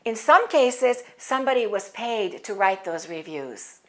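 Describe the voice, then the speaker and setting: A woman English teacher, giving a scripted pronunciation lesson and pronouncing each word clearly and deliberately. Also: medium pitch, expressive. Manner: clear, deliberate enunciation with model words for repeating.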